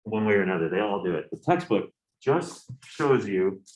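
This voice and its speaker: A man's voice: on the low side, sing-song, normal speed, a little mellow. A male physics professor lecturing a class, candid and joking, with exasperated asides. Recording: roomy classroom echo.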